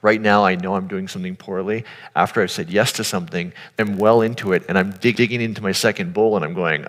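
A man's voice: deep voice, fairly even intonation, fast talker, a bit bright. A man giving an earnest, informal sermon, speaking directly to his audience. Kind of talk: conversational sermon. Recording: long hall reverb.

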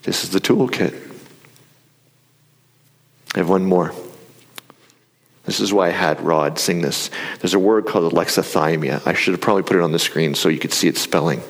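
A man preaching a sermon in a conversational, animated storytelling way. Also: sits low, normal speed, long pauses. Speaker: pastor. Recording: reverberant hall.

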